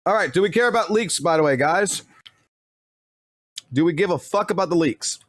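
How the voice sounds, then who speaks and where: A man's voice: high-pitched, expressive, normal speed, fairly bright tone, dry recording, clean studio sound. Blunt, foul-mouthed male streamer. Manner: profane and blunt, swears constantly. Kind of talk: casual live-stream talk.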